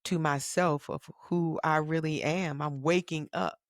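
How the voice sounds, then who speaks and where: A woman's voice: deep voice, fairly even intonation, measured pace, no echo, clean studio sound. Earnest, fervent woman sharing her spiritual testimony. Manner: earnest, reflective, grows emphatic and fervent. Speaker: podcast co-host. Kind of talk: heartfelt spiritual conversation.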